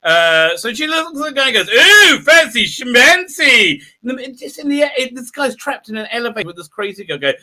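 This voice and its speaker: A middle-aged man hosting a live stream, greeting viewers and rambling excitedly, with loud outbursts of delight. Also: very high-pitched, quick pace, few pauses. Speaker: livestream host. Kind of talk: live stream chat, reading viewer comments.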